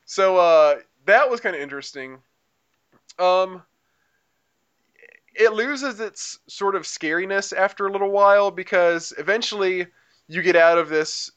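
A man's voice: high-pitched, unhurried, long pauses, a bit bright, clean tone, muffled recording. A man chatting casually on a podcast, explaining a video game at length in a rambling way with lots of fillers and restarts. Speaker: podcast co-host reviewing a game. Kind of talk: casual chat.

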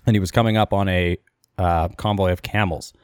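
Male podcast co-host, lowish voice, dry close mic, chatty retelling with quoted asides. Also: fairly quick, clean tone, no echo. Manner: animated retelling, quoting characters in passing. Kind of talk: casual storytelling chat.

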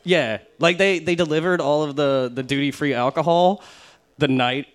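A man telling stories as a guest in a casual comedy interview, with a dry, deadpan manner. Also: a little high, moderate pace.

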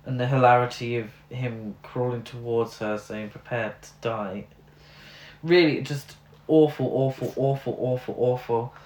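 A man's voice: mid-range voice, fairly even intonation, moderate pace, darkish tone. A man co-hosting a casual film review, ranting in an exasperated way with plenty of fillers. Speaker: podcast co-host. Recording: roomy echo.

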